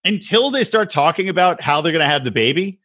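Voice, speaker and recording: A man's voice: fairly high pitch, expressive, fast, fairly bright tone. A man co-hosting a reality-TV podcast, chatting casually, laughing a lot and acting out quotes in silly voices. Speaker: podcast co-host. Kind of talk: casual chat.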